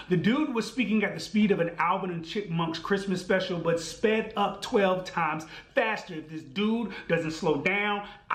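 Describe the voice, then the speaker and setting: A man hosting a podcast, telling a comic story in an animated way with slang and voiced asides. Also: high-pitched, roomy sound. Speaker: podcast host. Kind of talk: storytelling monologue.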